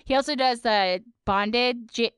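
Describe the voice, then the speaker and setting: Chatty woman with a smooth voice. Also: fairly high pitch, measured pace, fairly bright tone, no echo, clean studio sound. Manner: chatty, giggly, lots of "like". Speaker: podcast co-host. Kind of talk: casual podcast chat.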